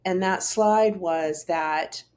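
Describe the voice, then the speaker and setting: A woman's voice: on the low side, drawn-out words, darkish tone, a little hiss or hum. Earnest middle-aged woman rambling to camera. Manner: earnest, rambling with fillers and restarts. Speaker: host. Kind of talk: casual solo talk to camera.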